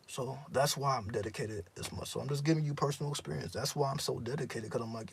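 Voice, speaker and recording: Man, raspy husky voice, spiritual teacher giving an emphatic, profane casual monologue. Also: on the low side, expressive, fast, hardly any pauses. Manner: profane, intense, emphatic repetition.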